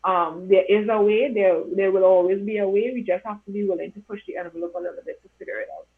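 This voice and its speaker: A woman's voice: medium pitch, steady tone, quick pace. A woman from Trinidad and Tobago speaks as a guest on a live interview, earnest and encouraging, leaning on fillers as she thinks aloud. Her voice comes through thin and narrow, like a phone line on a video call. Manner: earnest, encouraging, uses fillers like um and you know. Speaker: guest, events consultant. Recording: tinny phone-like audio.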